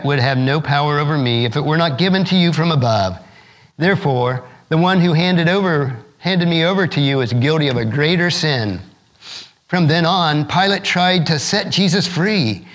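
Lively-voiced man preaching from scripture. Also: normal speed. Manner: expressive reading, voicing quoted speakers with raised pitch. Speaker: pastor. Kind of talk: sermon with scripture reading.

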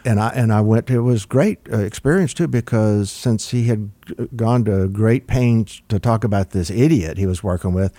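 A man's voice: on the low side, normal speed, hardly any pauses, no room sound. An older man, a record producer, telling long stories in an interview with many fillers and restarts. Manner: relaxed, rambling with fillers and restarts. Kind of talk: conversational interview storytelling.

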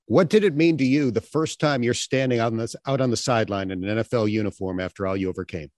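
A man's voice: medium pitch, fast talker, a little mellow, no room sound, clean studio sound. A man hosting a radio interview, asking questions in a friendly, plain way. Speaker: radio host.

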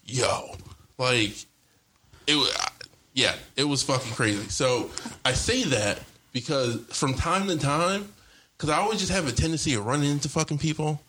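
This young podcast guest has a fairly high pitch and keeps a moderate pace as he casually spins out a lengthy tale. The telling is lively and wandering, packed with fillers and curse words.

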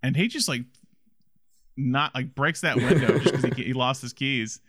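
A man co-hosting a casual film discussion, animated and laughing often as he talks. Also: mid-range voice, normal speed, no room sound, studio quality. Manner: animated, laughs often, restarts when excited. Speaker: podcast co-host.

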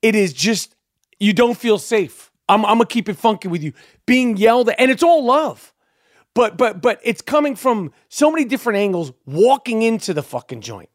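Brief: middle-aged man, high voice, profane rambling podcast rant, dry close mic. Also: expressive, normal speed, no room sound. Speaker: podcast host. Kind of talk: casual ranting monologue.

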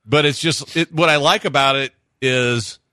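A man hosting a sports radio show, chatting casually and telling stories with quick asides. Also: fairly high pitch, smooth, dry recording, studio quality. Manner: animated storyteller, quick asides.

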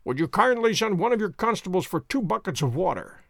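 A man's voice: sits high, sing-song, brisk, creaky, fairly bright tone, no room sound, clean studio sound, exaggerated voice. A man reading a story aloud, voicing a poised, theatrical detective who speaks with precise courtesy. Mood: composed. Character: poised, theatrical male detective, fond of pomp. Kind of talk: audiobook character voice.

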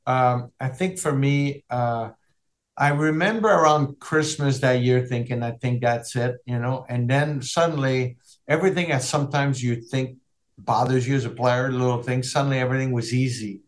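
A man whose first language is French, a podcast guest telling rambling, animated anecdotes. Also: medium pitch, moderate pace. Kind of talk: casual storytelling.

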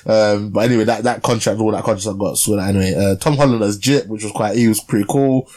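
A man's voice: on the low side, steady tone, fast, mellow. A young man co-hosting a podcast, chatting casually about a film with lots of fillers and tag questions. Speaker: podcast co-host. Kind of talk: casual film review chat.

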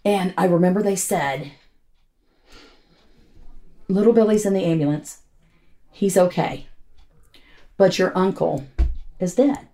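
Speaking slowly in a lowish, dark-toned voice with long pauses, a woman relates in her own words what happened to her family. As an interviewee describing this tragedy, she's blunt and keeps repeating herself under the emotional weight.

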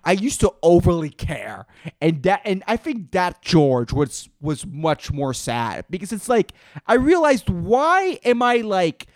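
A man's voice: high-pitched, big pitch swings, measured pace, a little mellow, no room sound, studio quality. A man, a stand-up comedian hosting his own podcast, rambling profanely with plenty of fillers. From Puerto Rico. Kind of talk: rambling solo podcast talk.

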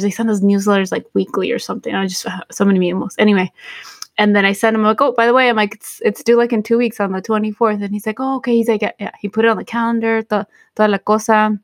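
A woman's voice: medium pitch, flat delivery, fast talker, no echo, clean studio sound. A woman in her thirties co-hosting a podcast, telling a story in casual chat and dropping into Spanish. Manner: chatty storytelling, switching into Spanish. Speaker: podcast co-host.

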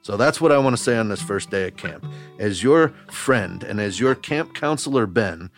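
Low-voiced man telling a kids' story. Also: expressive, normal speed, faint music behind. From Wisconsin. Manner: talks straight to young listeners, homespun phrases. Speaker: kids' podcast host and camp counselor. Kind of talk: storytelling to children.

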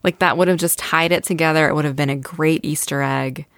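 A woman's voice: deep voice, fairly even intonation, fairly quick, fairly bright tone, no echo, clean studio sound. A woman in casual podcast chat, recapping a TV episode with enthusiastic, self-deprecating talk.

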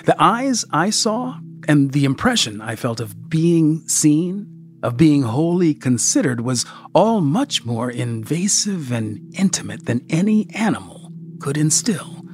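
A man narrating a first-person story in a measured, expressive audiobook style. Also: on the high side, faint music behind.

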